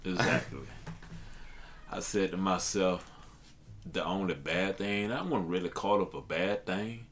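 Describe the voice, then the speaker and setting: Deep-voiced man, earnest and motivational. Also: unhurried, a bit bright, slight background noise. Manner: earnest, motivational, leans on "let me tell you". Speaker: aspiring stand-up comedian. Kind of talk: casual podcast chat.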